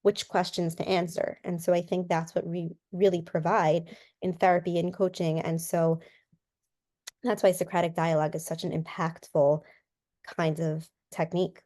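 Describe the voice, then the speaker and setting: A woman's voice: fairly low pitch, little pitch movement, moderate pace, warm tone. A woman, a guest counselor and coach, talking casually in an interview and explaining ideas through examples, often repeating a word as she restarts.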